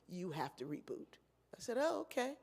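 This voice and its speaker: A woman's voice: on the low side, normal speed, vocal fry, slightly rough. A woman giving a keynote address, telling stories and acting out the voices of the people in them. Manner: animated, acts out voices in her stories. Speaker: keynote speaker. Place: large convention hall. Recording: echoey hall.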